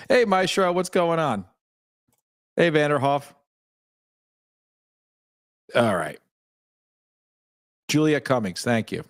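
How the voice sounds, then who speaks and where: A man's voice: fairly high pitch, very animated, slow pace, long pauses, no room sound, clean studio sound. A man hosting a casual live stream who chats candidly, laughs often and greets viewers by name as he reads their comments. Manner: frequent laughs and fillers, candid. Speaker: host.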